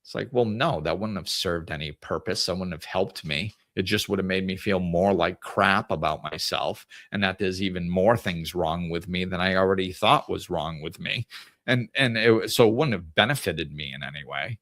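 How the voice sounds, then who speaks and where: A man's voice: sits low, moderate pace, fairly bright tone, no room sound, studio quality. A man hosting a podcast, telling stories in a casual, conversational way about spiritual life, with frequent restarts. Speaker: podcast host.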